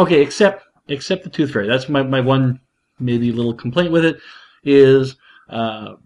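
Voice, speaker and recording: A man hosting a podcast, talking casually and excitedly, often laughing and restarting his sentences. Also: medium pitch, moderate pace. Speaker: podcast host, father. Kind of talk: casual monologue.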